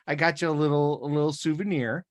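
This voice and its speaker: A woman's voice: sits low, fairly even intonation, fast. A woman from South Dakota with a Midwestern American accent, co-hosting a podcast in casual chat, laughing and restarting her sentences. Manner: chatty, laughing, many restarts. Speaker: podcast co-host.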